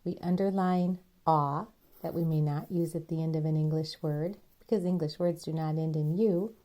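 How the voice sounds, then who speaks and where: A woman teaching spelling, dictating words and sounding out each syllable deliberately. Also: low-pitched, steady tone, mellow. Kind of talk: slow spelling dictation lesson.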